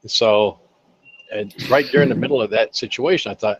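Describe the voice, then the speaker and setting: An older man, the guest of an interview, telling folksy, animated anecdotes about his accounting work with contractors and acting out the quotes. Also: on the low side, moderate pace, slight background noise. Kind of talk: casual interview storytelling. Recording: slightly dull lo-fi sound.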